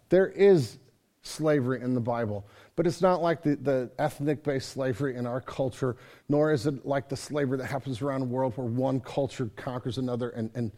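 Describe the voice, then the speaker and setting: A man's voice: mid-range voice, a little mellow. A man preaching a sermon in a church, earnest and emphatic, rising in intensity as he teaches. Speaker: pastor.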